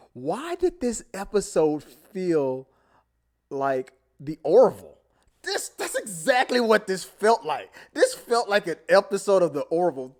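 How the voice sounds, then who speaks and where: Male host, casual live review, lively up-and-down delivery, rambles and mumbles. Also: fairly high pitch. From Houston, Texas area. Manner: rambling, animated, trails off to mumbles. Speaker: show host.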